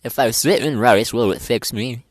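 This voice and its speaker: A man's voice: medium pitch, moderate pace, background noise. A man reading funny tweets aloud in a dry, matter-of-fact way.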